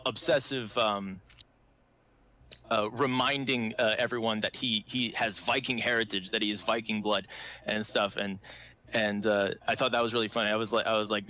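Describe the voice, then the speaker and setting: A man's voice: fairly low pitch, fairly even intonation, normal speed, bright, forceful tone. A man hosting a casual livestream chat about writing, rambling, with frequent laughs and restarts. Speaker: host, fiction author.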